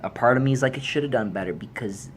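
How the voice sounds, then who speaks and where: A man vlogging an angry movie rant, swearing freely and jumping into high yells when outraged. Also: a little fast, a little hiss or hum. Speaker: YouTube vlogger.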